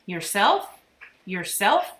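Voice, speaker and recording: A woman voicing a mimicking mynah bird in a storybook reading, with a shrill, squawking, repetitive manner. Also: very animated, extremely slow, fairly bright tone, exaggerated voice. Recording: echoey room, faint noise.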